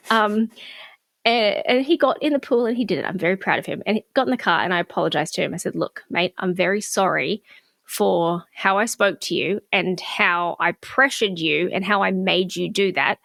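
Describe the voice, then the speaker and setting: A woman's voice: mid-range voice, normal speed, vocal fry, fairly bright tone, dry recording, clean studio sound. A middle-aged woman co-hosting a podcast, candidly telling a personal story in casual chat. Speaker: podcast co-host.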